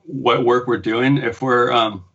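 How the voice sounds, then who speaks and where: An American man with a halting, restart-filled manner, talking as a guest in a casual interview. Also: mid-range voice, steady tone, vocal fry, fairly bright tone. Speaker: guest, pearl diver and surf photographer. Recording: dull lo-fi audio.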